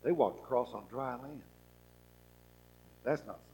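A man preaching a sermon as pastor, asking the congregation rhetorical questions and acting out people's thoughts, swinging from soft to loud. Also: mid-range voice, moderate pace, slight background noise, poor audio.

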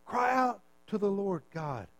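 A man's voice: high-pitched, big pitch swings, a little slow, a bit bright. A male pastor preaching an impassioned sermon into a handheld microphone in a church, pleading with his listeners. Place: church sanctuary.

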